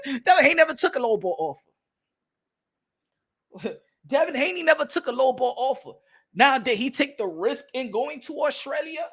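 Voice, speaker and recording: Young american guy ranting about boxing, real high bright voice, loud and slangy. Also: big pitch swings, normal speed, pauses often. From United States. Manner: loud, slangy, mocking, repetitive. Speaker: boxing commentator. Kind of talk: animated ranting commentary.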